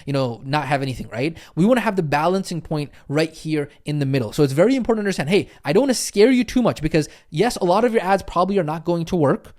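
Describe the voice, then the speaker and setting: A man's voice: high voice, darkish tone. A man giving a recorded training lecture as a business coach, emphatic and insistent, repeating his points and checking in with the listener. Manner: emphatic, insistent, keeps checking in with "okay?" and "right?"; repetitive, drives points home with conviction.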